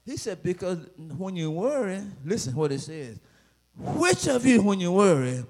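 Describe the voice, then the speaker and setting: A man preaching a sermon with dramatic swells, bursts of shouting and playful asides. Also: high voice, sing-song, a little slow.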